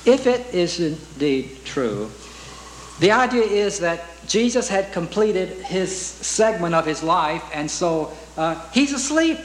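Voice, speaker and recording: A man's voice: high voice, sing-song, slow pace, echoey room, a little hiss or hum, poor audio. A man preaching a sermon in an earnest way, asking rhetorical questions and reciting hymn lyrics.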